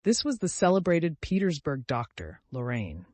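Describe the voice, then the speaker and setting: A man narrating a classic novel in a steady, measured audiobook reading. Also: medium pitch, no room sound. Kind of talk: scripted narration.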